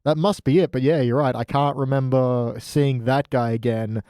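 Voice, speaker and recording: A man co-hosting a podcast, chatting casually and riffing with quick put-on quotes. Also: mid-range voice, steady tone, dark tone, clear, resonant tone, no room sound, clean studio sound. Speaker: podcast co-host. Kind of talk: casual chat.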